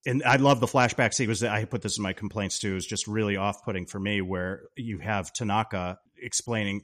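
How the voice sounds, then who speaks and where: A man co-hosting a podcast, chatting about a film in an excitable way and swearing freely. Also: fairly low pitch, a little fast, hardly any pauses. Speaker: podcast co-host. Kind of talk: casual film chat.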